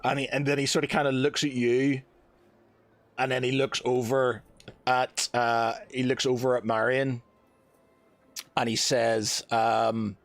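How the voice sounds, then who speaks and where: A man's voice: medium pitch, level tone, unhurried, long pauses, no echo. A man narrating a tabletop role-playing game as dungeon master, rambling and full of fillers.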